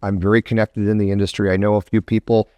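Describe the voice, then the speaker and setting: A man's voice: on the low side, flat delivery, quick pace, a little mellow, clean tone, dry recording. A man from Canada, a guest in a podcast interview, talking in a friendly, joking way. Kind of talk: casual interview chat.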